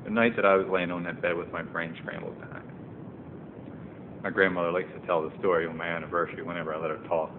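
A man's voice: low-pitched, level tone, fast talker. A man sharing his personal recovery story at a meeting, earnest and building to emphatic passages. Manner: earnest, rising to emphatic and impassioned. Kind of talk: personal testimony talk. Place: meeting room. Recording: tinny phone-like recording, faint noise.

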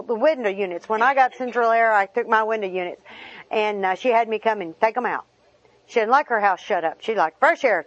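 A woman giving a personal testimony talk to a group, folksy and wry with self-deprecating humor. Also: fairly high pitch. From Arkansas. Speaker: speaker sharing her story with a group. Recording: dull lo-fi recording.

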